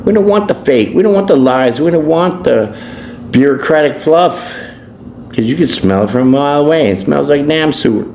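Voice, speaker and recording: A man's voice: fairly high pitch, creaky. A man, a tarot reader and life coach, ranting bluntly and preachily in a profane vlog monologue. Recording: echoey room, faint background noise.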